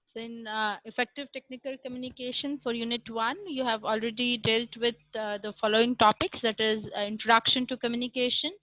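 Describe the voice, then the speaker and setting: Bright high-voiced woman lecturing. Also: fairly even intonation, no room sound, rough recording. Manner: explains step by step with frequent "uh" pauses and "right?" checks. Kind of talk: recorded classroom lecture.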